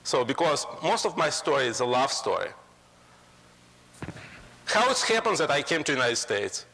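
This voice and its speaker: A man's voice: mid-range voice, sing-song, moderate pace, gravelly, bright, forceful tone. Russian-accented man in an echoing hall. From Russia (Moscow). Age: 40s. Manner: plain, broken English with playful jokes. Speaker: guest speaker. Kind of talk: humorous lecture. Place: college lecture hall. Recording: long reverb of a lecture hall.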